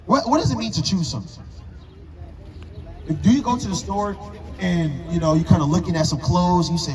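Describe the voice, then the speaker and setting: High-voiced man preaching hard outdoors. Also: brisk, long pauses, rough recording. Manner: forceful, rhetorical questioning, emphatic. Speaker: street preacher. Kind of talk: street preaching. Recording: crowd noise around.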